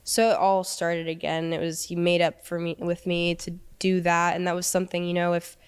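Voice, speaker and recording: A young woman in an interview telling a painful personal story in a halting, emotional way, with many restarts. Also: fairly low pitch, flat delivery, smooth. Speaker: interview guest.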